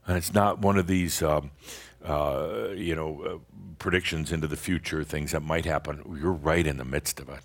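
Low-voiced guy doing a chatty spiritual talk to a group, laughs a lot, keeps restarting his sentences. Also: fairly even intonation, normal speed. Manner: rambling, playful, chuckles often, many restarts. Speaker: spiritual teacher addressing an audience.

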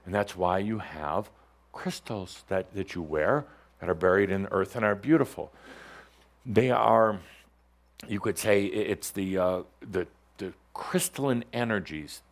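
A man's voice: low-pitched, unhurried. A man speaking as a spiritual teacher to a live audience, in a playful, teasing way, often laughing.

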